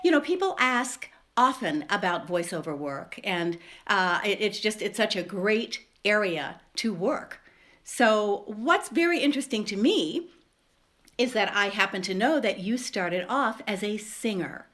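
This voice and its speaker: A woman's voice: mid-range voice, sing-song, measured pace, fairly bright tone. A woman hosting a podcast interview, enthusiastic and effusive as she welcomes and questions her guest. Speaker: podcast host.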